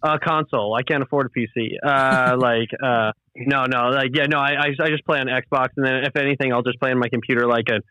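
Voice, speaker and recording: A man's voice: medium pitch, fairly even intonation, fairly quick, pushed and bright, no echo. Laid-back rambling young man. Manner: laid-back, rambling, heavy on fillers and swearing. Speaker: podcast host. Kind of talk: casual chat. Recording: muffled lo-fi audio.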